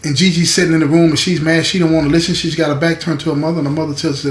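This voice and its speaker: Male storyteller, slightly high voice, conversational and repetitive, roomy recording. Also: fairly even intonation, fast, hardly any pauses, fairly bright tone. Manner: conversational, repeats phrases, asks listener "you understand?". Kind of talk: casual oral storytelling. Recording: echoey room.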